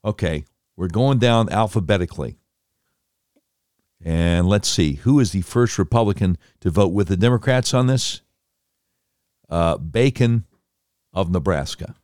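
A man reads through a list and comments on it in an indignant, sarcastic tone. His pitch is lively and swings widely. The recording is dry and close, with no room sound. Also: measured pace, long pauses, no echo. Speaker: political commentator. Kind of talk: reading a vote list with commentary.

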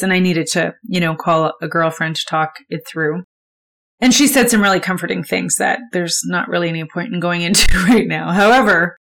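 A woman's voice: medium pitch, a bit bright. A woman hosting a solo motivational podcast, talking candidly and conversationally and swearing freely. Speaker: podcast host.

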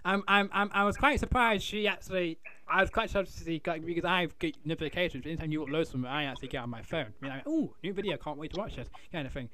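A man's voice: fairly high pitch, quick pace, sharp tone, a little hiss or hum. A man hosting a casual interview, chatty and teasing, rambling with many restarts. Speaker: podcast host.

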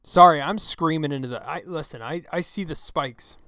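A man hosting his own talk show, delivering an angry, profane political rant into a close microphone, with shouted outbursts. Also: a little high, normal speed, no room sound. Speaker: show host. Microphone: close studio mic.

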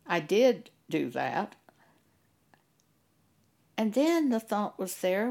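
Woman, Christian author giving a testimony; unhurried and gentle, a little low-pitched. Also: animated, creaky. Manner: slow and deliberate, gentle, measured phrasing. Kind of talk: slow devotional testimony.

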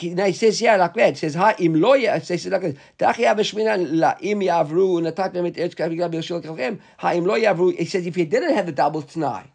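Man teaching talmud, high voice, reads lines then explains in english. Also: gravelly, darkish tone. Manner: reads Hebrew and Aramaic text aloud then explains in English.

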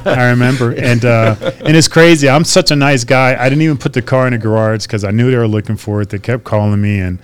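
A retired officer and trainer reminisces in casual conversation, talking fast with barely a pause in a mid-range voice. He's an animated storyteller, acting out dialogue and laughing along the way.

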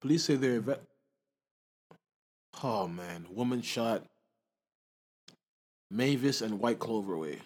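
A man co-hosting a casual radio chat, talking in an animated way and acting out what others said. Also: mid-range voice, takes it slowly, long pauses. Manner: animated, quotes people in raised voices.

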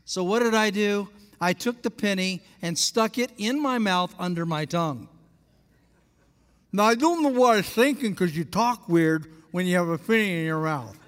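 High-voiced male pastor in a reverberant hall. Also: normal speed, clean tone. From Alaska. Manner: animated storyteller, asks the congregation questions. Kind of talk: storytelling sermon.

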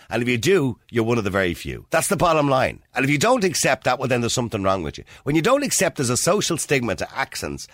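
A man with a Dublin Irish accent hosting a radio phone-in, talking bluntly and forcefully, arguing his point. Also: medium pitch, no room sound, studio quality. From Ireland (Dublin). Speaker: radio show host. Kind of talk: opinionated radio phone-in talk.

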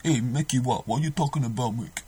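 A man's voice: medium pitch, fast, mellow, husky. A preacher voicing a tough young male boxing champion, puzzled and pleading.

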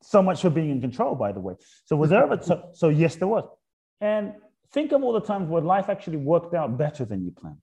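A man with a slightly high, warm, mellow voice reflects aloud as a guest in a spiritual conversation. His pitch moves in lively sweeps as he keeps returning to rhetorical questions. On his key points he drops soft and slow. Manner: poses repeated rhetorical questions.

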